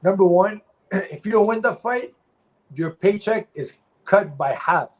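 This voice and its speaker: Male ex-fighter guest, blunt and profane, slightly high voice, repeats himself when angry. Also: lively intonation, a little slow, low-quality recording. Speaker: former pro fighter, guest. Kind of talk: candid interview talk.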